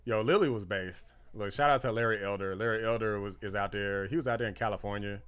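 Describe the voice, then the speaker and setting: Excitable bright-voiced man on a live stream. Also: on the low side, fast talker, clean tone. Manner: excitable, laughing, reads posts aloud; rambling with restarts and fillers. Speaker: political livestream host. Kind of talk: live reaction commentary.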